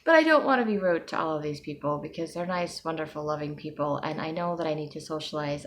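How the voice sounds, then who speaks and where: A weary middle-aged woman with a migraine rambles through her day in a low voice, sighing and laughing softly now and then. Her talk drifts and repeats as she goes. A faint hum of room sound sits under her voice. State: tired with a migraine. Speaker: vlogger. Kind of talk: casual personal vlog.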